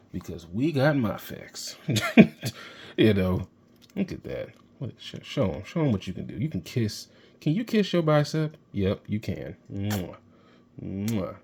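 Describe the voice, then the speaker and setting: Low-voiced excited man reviewing toys. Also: vocal fry, a little hiss or hum. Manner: excitable, rambling, geeking out. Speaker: toy reviewer. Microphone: handheld camera mic.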